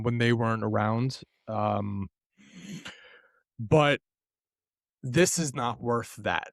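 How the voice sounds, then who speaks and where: A man hosting a podcast, speaking in a measured, thoughtful way with many ums. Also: medium pitch, no room sound. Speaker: podcast host. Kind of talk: casual podcast chat.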